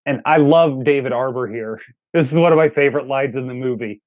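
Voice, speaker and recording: A man's voice: mid-range voice, fairly quick, narrow, tinny audio, slight background noise. A man co-hosting a movie review, emphatic and enthusiastic as he praises favorite lines. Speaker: co-host of a movie review show. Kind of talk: casual review chat.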